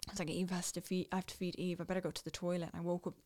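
A young woman with an Irish accent, casually telling a personal story, dropping to a hush and then getting excited. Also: lowish voice, racing. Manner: animated, swings between hushed and excited. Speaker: new mother telling her story.

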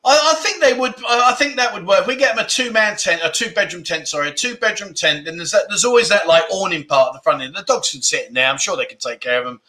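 A man's voice: high-pitched, fast talker, few pauses, bright, forceful tone. A man hosting a livestream, chatting casually and reading out viewer comments, with easy laughs and grumbling asides. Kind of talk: casual chat.

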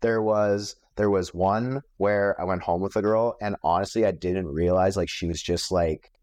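A man's voice: deep voice, fairly even intonation, normal speed, darkish tone, dry recording. A Canadian man, a comedian guest on a podcast, telling stories in a rambling, profane, casual way, full of "like" and restarts. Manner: profane, rambling, heavy use of "like".

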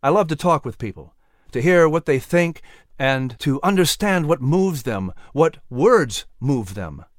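A hearty young fiddler speaks with bright enthusiasm, as a man puts him on. His pitch swings widely and sits a little high, in a dry, close recording. He sounds outgoing and at ease. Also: measured pace, no room sound. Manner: hearty, animated. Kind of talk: storybook reading.

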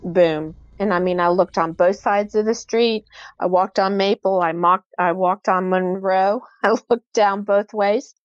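A woman's voice: mid-range voice, steady tone, a little slow, no echo, dull audio, soft background music. A middle-aged woman, a podcast guest, recounting a personal experience and acting out the voices of the people in it. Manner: vivid storyteller who acts out quoted voices. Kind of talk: personal storytelling in an interview.

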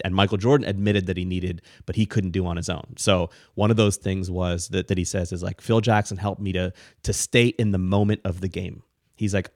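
A middle-aged man co-hosting a casual podcast, explaining ideas in a rambling, animated way with frequent restarts. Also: low voice, no echo, studio quality. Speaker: podcast co-host, parent.

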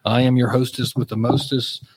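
A man's voice: mid-range voice, little pitch movement, moderate pace. A man hosting a casual cigar podcast, joking and playful with his co-hosts. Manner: joking, playful, puts on silly voices. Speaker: podcast host. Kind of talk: casual banter.

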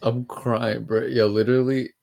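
A man's voice: mid-range voice, level tone, normal speed, gravelly, a little mellow, no room sound, clean studio sound. A young man casually recapping an anime episode, laughing often and acting out the characters' lines.

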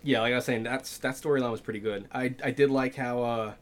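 A man's voice: medium pitch, steady tone, fast talker, slight background noise. Profane rambling man hosting a podcast. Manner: profane, rambling, acts out scenes in funny voices. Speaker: podcast host. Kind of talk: casual movie-review chat.

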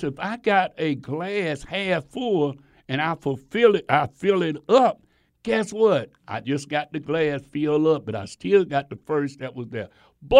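A man's voice: a little high, no room sound, clean studio sound. A man preaching a sermon in an emphatic, conversational way, asking his listeners rhetorical questions.

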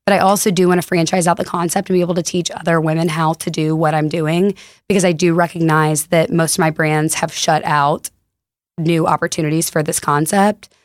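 A young Texan woman, a store co-founder, guests on a podcast and tells stories in a chatty, casual way, laughing through anecdotes and saying "like" a lot. Her voice is on the low side, and the studio-quality recording has no room sound.

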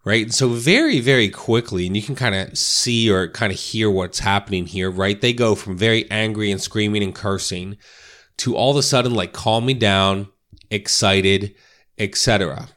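In casual instructional talk, a man coaches real estate agents, regularly checking in with "right?" and "you know". His voice sits fairly low, a bit bright, at normal speed.

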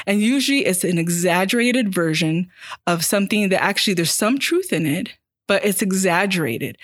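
Woman counselor talking through anxiety calmly. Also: fairly low pitch, no room sound, studio quality. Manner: steady, conversational, checks in with "right?". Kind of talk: casual explanatory talk.

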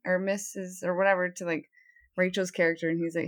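A woman co-hosting a casual movie podcast, retelling scenes in a rambling way full of fillers and quick laughs. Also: fairly low pitch, level tone. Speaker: podcast co-host. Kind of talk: casual chat.

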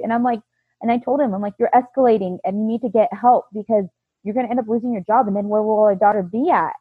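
A woman in her thirties talks fast in a mid-range voice with a breathy edge and no echo, over a dry, tinny, phone-like line. She tells her own story casually, acting out the quoted dialogue with animation.

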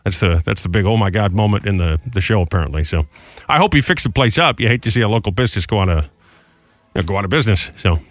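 A man's voice: fairly low pitch, animated, fast, dry recording. A man co-hosting a podcast in casual chat, rambling and self-mocking as he tells stories. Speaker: podcast co-host.

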